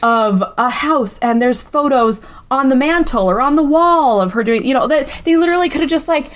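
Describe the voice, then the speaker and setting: A woman co-host talks through a movie's plot in casual, animated chat. She swears freely, and her voice sits a little high. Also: moderate pace. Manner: animated recapping, frequent swearing. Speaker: podcast co-host reviewing a movie.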